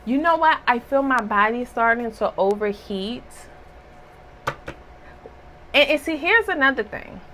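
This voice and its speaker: A woman's voice: a little high, animated, moderate pace, noisy background. A woman giving a casual spiritual reading, talking bluntly and emphatically with a scolding tone. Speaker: spiritual reader.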